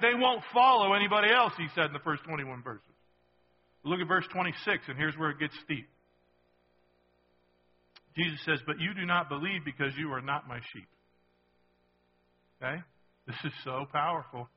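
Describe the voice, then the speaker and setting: A man's voice: on the high side, in a large hall, muffled recording. A man preaching a sermon as pastor, emphatic and repetitive, often checking in with the congregation.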